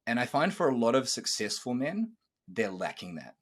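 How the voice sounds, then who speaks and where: In a mid-range, slightly rough voice at moderate pace, this thirty-something coach chats casually on his podcast. He is a lively storyteller who performs the dialogue he quotes and curses along the way.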